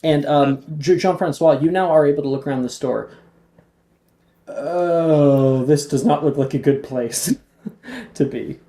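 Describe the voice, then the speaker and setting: A game master narrating a tabletop role-play in an unhurried, chatty way. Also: medium pitch, warm tone. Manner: laughs often, unhurried descriptions.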